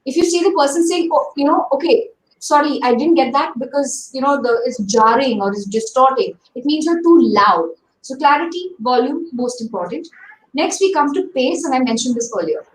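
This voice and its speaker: A woman's voice: sits high, normal speed, far from the mic, a little hiss or hum. Lady coaching on a webinar, bouncy delivery, roomy echo on her video call. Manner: animated, demonstrates pace and tone with her own voice. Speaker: webinar speaker on public speaking. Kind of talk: lively teaching talk.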